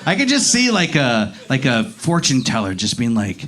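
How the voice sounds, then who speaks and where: A man doing a profane, animated stand-up set with crowd work, recorded live on a handheld mic in a comedy club. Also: medium pitch, moderate pace, noisy background. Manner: profane, animated, laughing through lines.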